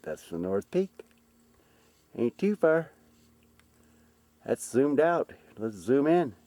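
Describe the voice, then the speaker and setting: A man narrating his mountain hike to a handheld camera outdoors, talking in a halting way with frequent fillers. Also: medium pitch, big pitch swings, dark tone, no echo. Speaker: hiker filming his climb. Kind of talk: casual hiking vlog narration.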